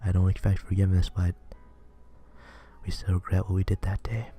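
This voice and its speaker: A man voicing a solemn, remorseful older gentleman in a game, speaking slowly and in a measured way. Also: low voice, flat delivery, soft background music, lightly acted. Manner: slow, measured.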